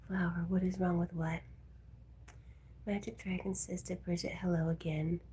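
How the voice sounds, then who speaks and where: A woman hosting a night livestream, reading chat aloud and talking softly to her dog, sometimes in a whisper, a little wheezy. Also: lowish voice, flat delivery, normal speed, long pauses, slight background noise. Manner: soft, often whispering, talks to her dog.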